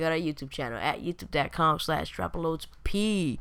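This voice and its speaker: Smooth-voiced podcast co-host. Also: mid-range voice, lively intonation, fairly bright tone. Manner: halting in chat, stumbling over words. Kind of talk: casual chat and rapid social-media plugs.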